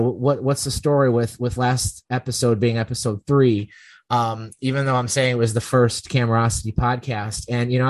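A man's voice: medium pitch, no echo. A man hosting a casual podcast, telling stories in a rambling way and often correcting himself as he goes. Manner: rambling, self-correcting storyteller. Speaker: podcast host.

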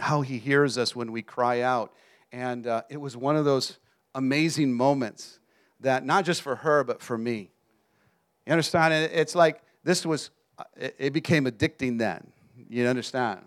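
A man preaching a sermon as an animated storyteller who keeps checking in with his listeners. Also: mid-range voice, normal speed, smooth. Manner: animated storyteller, often asks the audience "you understand?".

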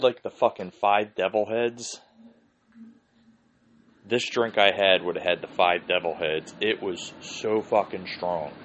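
A man hosting a podcast, telling a rambling, swear-heavy story and laughing often. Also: low voice. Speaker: podcast host. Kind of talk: casual storytelling. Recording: dull lo-fi sound with faint hiss.

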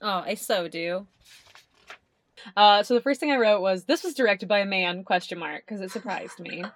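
A woman's voice: medium pitch, normal speed, slight background noise. A young adult woman co-hosting a podcast in casual chat, rambling, swearing and laughing often. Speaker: podcast co-host.

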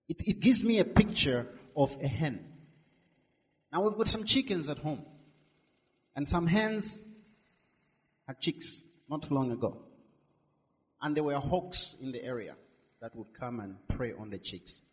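Preaching man, booming then hushed. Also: sing-song, in a large hall. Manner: preaching with swings from loud emphasis to soft, drawn-out words. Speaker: minister. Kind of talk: sermon.

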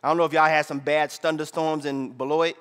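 A man preaching a sermon in a church hall, peppering it with "right?" and swinging between shouted lines and hushed asides. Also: fairly high pitch, level tone, brisk, clean tone. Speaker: pastor.

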